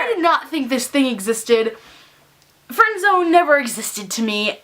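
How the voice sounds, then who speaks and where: Young woman, high voice, bright tone, animated casual vlog rant, acts out quotes. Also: unhurried, a little hiss or hum. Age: young adult. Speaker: vlogger.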